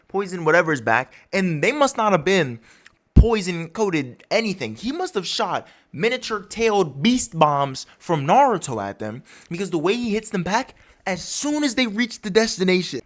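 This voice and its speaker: A man casually breaking down a comic chapter for his channel in a rambling, storytelling way. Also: high-pitched. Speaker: manga recap YouTuber.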